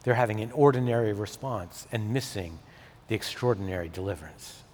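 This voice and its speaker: A male pastor delivering a sermon, swinging from emphatic peaks to soft, intimate tones. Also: fairly low pitch, a little fast. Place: church sanctuary. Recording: long hall reverb.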